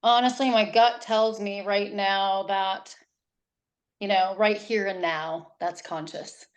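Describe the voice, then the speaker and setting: Woman, parenting coach, interview guest, animated, rambling, restarts often. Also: medium pitch, slow pace. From New Hampshire. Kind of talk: casual interview talk.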